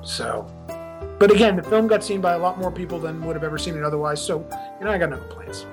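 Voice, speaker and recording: A film director being interviewed, talking casually and laughing at himself, with lots of restarts. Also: male voice, a little high, fast talker, over loud music. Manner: chatty, self-deprecating, many restarts.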